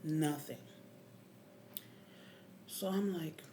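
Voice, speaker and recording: With a rumbling low voice and a slightly slow delivery, a woman vlogger tells a story casually but indignantly, cursing and sometimes rising almost to a yell. There's slight background noise.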